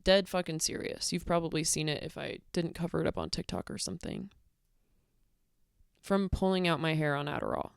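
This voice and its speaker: A woman vlogger talking in a candid, rambling personal rant, swearing freely and filling pauses with "like". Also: low voice, lively intonation, vocal fry, clean tone, no echo, clean studio sound.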